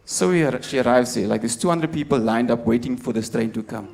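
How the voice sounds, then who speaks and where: A man with a South African accent performs a stand-up comedy set in a gravelly, mid-range voice at a fairly quick clip. He tells stories with animated energy, acting out the people he quotes.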